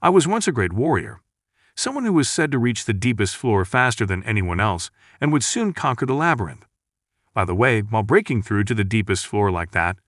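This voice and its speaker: Guy voicing a bossy warrior ghost, mocking and loud-mouthed, lowish voice, lively pitch, dry sound. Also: no echo. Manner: boastful, scolding, mocking. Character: cocky dead warrior ghost, male, brash. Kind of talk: recap narration with read-out dialogue.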